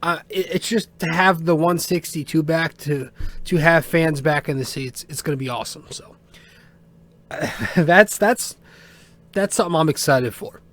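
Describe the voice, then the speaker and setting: A man's voice: a little high, measured pace, fairly bright tone. A young man hosting a casual solo sports podcast, rambling and cursing with lots of fillers and little chuckles. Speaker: podcast host.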